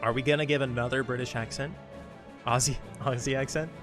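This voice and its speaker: Brief: chatty man live-streaming a game, mid pitch, self-deprecating asides. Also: steady tone, fairly quick. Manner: rambling, self-deprecating, many restarts. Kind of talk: casual live-stream chat while reading game dialogue. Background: game music.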